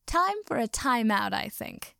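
Male wizard villain, cheerful, condescending, menacing, pitched high, woman reading. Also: sing-song, measured pace, creaky, darkish tone, dry recording, studio quality, full character voice. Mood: cheery.

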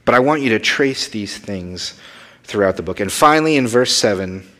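A man's voice: on the low side, expressive, normal speed, a bit bright. A man preaching a sermon, teaching through a Bible passage and acting out the people he quotes with sudden rises and drops in his voice.

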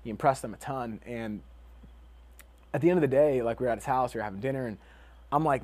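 A young man giving an energetic, casual motivational talk with quick bursts and lots of fillers. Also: medium pitch.

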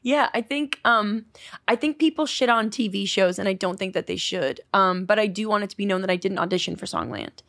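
A woman songwriter chats fast on a podcast, spinning stories with lively energy. She slips into the voices of the people she quotes. The sound is dry and close, with no room around her. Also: medium pitch, vocal fry, no room sound. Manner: animated storyteller acting out quotes. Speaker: songwriter guest. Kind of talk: casual podcast interview.

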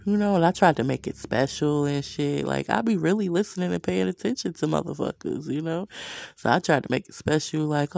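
Woman vlogger, gravelly low-set voice, dry close sound; blunt, swears freely, laughs a lot. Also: normal speed, dark tone, dry recording. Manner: blunt, profane, laughs often; frequent "you know" fillers. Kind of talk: candid personal monologue.

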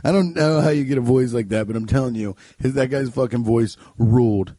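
A man's voice: medium pitch, a little fast, dark tone, no room sound. A young man telling a comic story in a loose, rambling, profane way. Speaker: comedian.

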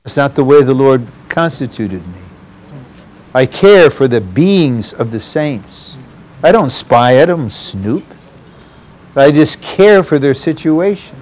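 A man's voice: medium pitch, sing-song, slow, darkish tone. A man preaching a sermon, earnest and addressing the congregation directly.

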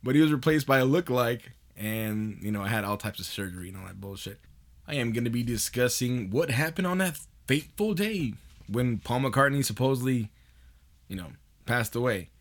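A man's voice: mid-range voice, animated, moderate pace. A man hosting a podcast in a loose, profane monologue, laughing often as he talks. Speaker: podcast host.

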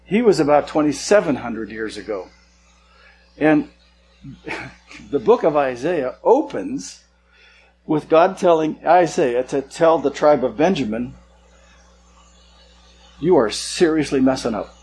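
A male pastor delivers a sermon in a relaxed, conversational style, adding casual asides and slowing to stress key words. His voice is fairly high, and the recording is rough.

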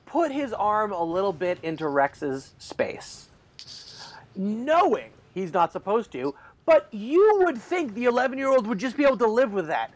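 A man in his forties, casually telling a story about his kids and acting out their shouting. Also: sits high. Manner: animated, acts out shouting kids. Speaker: parent telling a family story.

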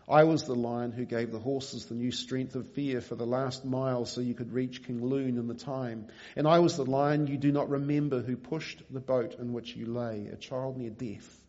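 A man reading aloud and voicing a great lion with a grave, quiet, slow delivery. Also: medium pitch, fairly even intonation, big-room sound, lo-fi sound, natural voice. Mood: solemn. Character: great lion, deep solemn male voice.

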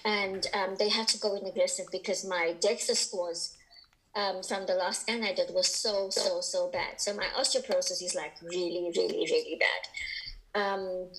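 A woman's voice: medium pitch, fairly even intonation, moderate pace, fairly bright tone, rough recording. Candid chatty woman guest. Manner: open and candid, chatty with many fillers. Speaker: podcast guest. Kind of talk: casual interview conversation.

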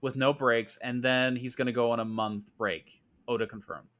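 A man's voice: medium pitch, steady tone, normal speed, fairly bright tone. A man co-hosting a casual podcast chat, enthusiastic and often correcting himself mid-sentence. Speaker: podcast co-host.

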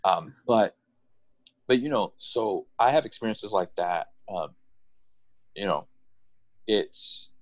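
A middle-aged man with a very low voice tells personal stories in a loose, conversational way. He restarts and repeats words as he goes and jumps up in pitch when he quotes people. The recording is dry and close. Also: expressive, takes it slowly, long pauses, no echo. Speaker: guest telling personal stories. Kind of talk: casual conversational storytelling.

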